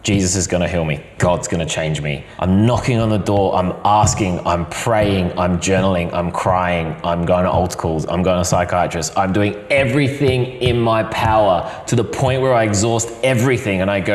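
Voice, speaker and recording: An Australian man speaking as an interview guest, earnest and expressive, piling up repeated phrases as he tells his story. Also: sits low, moderate pace, hardly any pauses. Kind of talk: heartfelt personal interview. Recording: roomy hall reverb.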